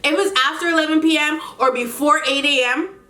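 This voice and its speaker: A woman vlogger telling a story in an animated, indignant way, often breaking into laughter. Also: high-pitched, a little fast. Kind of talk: storytime vlog. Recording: echoey room.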